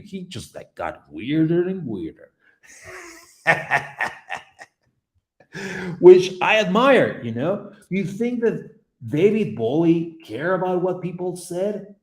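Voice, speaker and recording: A man in his forties chatting casually on a livestream from his office, excitable and rambling, swinging between loud bursts and hushed asides. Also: sits high, takes it slowly, reverberant. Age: 40s. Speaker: livestreaming artist. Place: office room.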